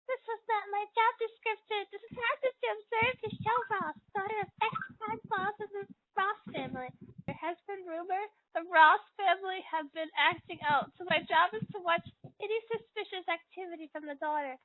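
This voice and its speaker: A woman with a very high voice reads her own comic aloud. She speaks a character's inner thoughts softly and plainly. The sound is tinny and phone-like, with no room sound and a thin tone. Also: fairly quick, no room sound. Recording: tinny phone-like dry audio.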